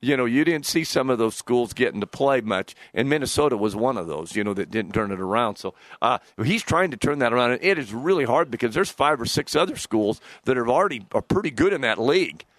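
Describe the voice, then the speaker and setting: A man's voice: mid-range voice, expressive, fairly quick, few pauses, fairly bright tone, no echo. A man co-hosting a sports radio show in a rambling, folksy way, full of "you know"s. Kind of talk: casual sports radio chat.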